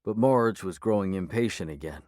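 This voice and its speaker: A man narrating an urban fantasy audiobook in the first person, measured and steady. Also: sits low, no room sound, studio quality.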